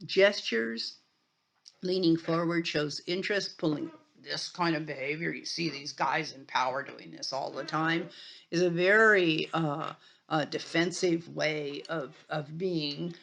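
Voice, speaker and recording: A woman's voice: low voice, unhurried, gravelly, fairly bright tone. An older woman teaches a college sociology class in a loose, talky way. She wanders through her points with plenty of ums and restarted sentences, like she is chatting with her students. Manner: conversational, rambling with fillers and restarts. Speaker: sociology lecturer. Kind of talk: recorded college lecture.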